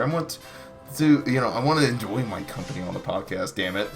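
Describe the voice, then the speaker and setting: A man's voice: mid-range voice, big pitch swings, a little fast, fairly bright tone, soft background music. A man hosting a casual podcast, rambling with lots of fillers and restarts. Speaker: podcast host.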